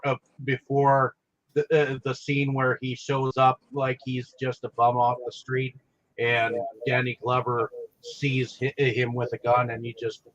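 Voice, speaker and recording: A man co-hosting a casual movie discussion podcast, talking in halting bursts with many restarts. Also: mid-range voice, a bit bright, muffled recording. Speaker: podcast co-host.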